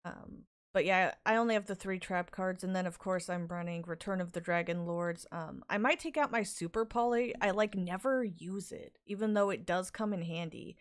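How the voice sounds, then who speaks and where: Woman, podcast guest, casual chat, hesitant with restarts, low voice. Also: normal speed, few pauses.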